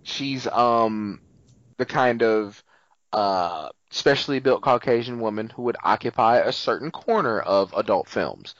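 A man co-hosting a casual podcast, recapping a TV episode with animated storytelling, acting out the characters' lines and swearing freely. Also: medium pitch, unhurried, dry recording, muffled recording. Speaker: podcast co-host.

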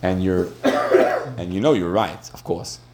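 Low-voiced man telling a story to a crowd. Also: unhurried, heavy background noise. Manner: chatty, with frequent restarts and laughter. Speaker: speaker addressing an audience. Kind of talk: storytelling talk on marriage.

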